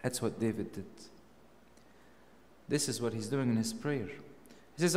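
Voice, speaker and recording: A man preaching a sermon, emphatic and full of rhetorical questions, his voice rising to loud peaks. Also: medium pitch, unhurried, pauses often, in a large hall.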